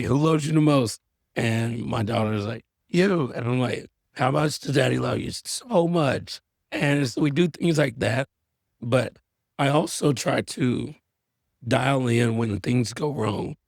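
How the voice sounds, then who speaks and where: Gravelly, husky man on a podcast. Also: mid-range voice, darkish tone, no echo, clean studio sound. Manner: earnest and reflective, acting out talks with his kids. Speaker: podcast guest. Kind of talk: candid podcast conversation.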